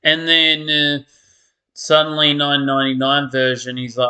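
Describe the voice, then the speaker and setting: A man's voice: mid-range voice, little pitch movement, measured pace, pushed and bright, smooth. A man, perhaps, ranting in casual commentary, tired and exasperated, with mocking impressions of characters. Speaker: soap opera commentator.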